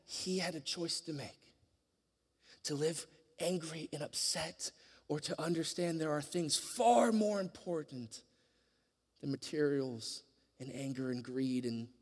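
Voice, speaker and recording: A man preaching a sermon, telling a personal story earnestly, his voice swinging from loud passages to hushed ones. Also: on the high side, a little slow, husky, big-room sound.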